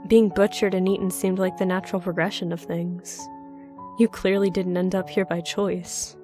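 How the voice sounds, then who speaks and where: A woman's voice: on the low side, little pitch movement, normal speed, mellow, soft background music, natural voice. A woman voicing an older southern man, a recluse who speaks with a Southern accent in a stern, curt, ominous way. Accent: American Southern.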